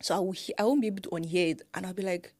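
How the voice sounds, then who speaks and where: A young Nigerian woman with a Nigerian accent, co-hosting a podcast in casual chat, animated and laughing often as she mimics pronunciations. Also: fairly low pitch, very fast. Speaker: podcast co-host.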